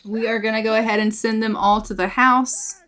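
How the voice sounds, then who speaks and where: A woman hosts a casual let's play of a life-sim game, narrating what happens on screen. She talks in a chatty, upbeat way with a fairly high voice. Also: steady tone, normal speed, fairly bright tone. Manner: chatty, upbeat, repeats filler phrases.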